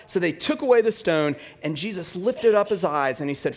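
A man preaching a sermon, animated, acting out voices from the Bible and dropping to a near whisper for emphasis. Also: medium pitch, fast talker, few pauses. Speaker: pastor.

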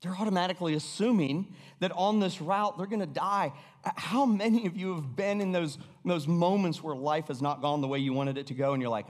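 A middle-aged American man preaching in a chatty, unscripted way, his voice sitting a little high for a man. He trips over restarts and now and then sinks to a hush. Long reverb rings around him in a big hall. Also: fairly quick. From United States. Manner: conversational, with repeated restarts and sudden drops to a hush. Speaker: pastor. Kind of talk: sermon.

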